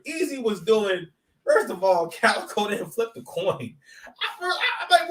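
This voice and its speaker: Sitting high in pitch with big swings, a man's voice comes through at a measured pace from a distant, off-mic spot in an echoey room. Relaxing at home near his son, he comments on battle rap, rambling, joking, and repeating himself as he stops and starts.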